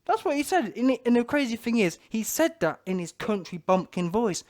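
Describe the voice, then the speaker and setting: A man, ranting casually to camera about boxing, slangy and animated, often laughing. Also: sits high, fairly quick, hardly any pauses. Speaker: boxing commentator.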